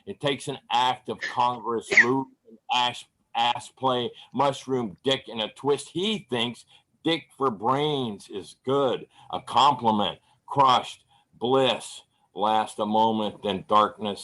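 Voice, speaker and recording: Slow-paced man, spoken word poet, angry declamatory reading, video call audio. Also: mid-range voice, a bit bright. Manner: angry, profane, declamatory delivery. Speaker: open mic poet. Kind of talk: spoken word poetry performance. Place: home, online video call.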